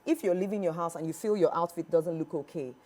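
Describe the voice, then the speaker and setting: A woman with a Nigerian accent, a public speaking trainer, answering interview questions in a lively way and often acting out quoted voices. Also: on the low side, quick pace. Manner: animated, acts out quoted voices.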